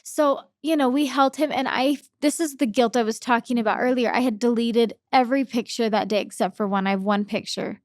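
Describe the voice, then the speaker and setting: Emotional young woman with a bright voice. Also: a little high, fairly even intonation, dry recording, studio quality. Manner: emotional, halting, repeats words. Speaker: podcast guest. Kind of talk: emotional personal storytelling.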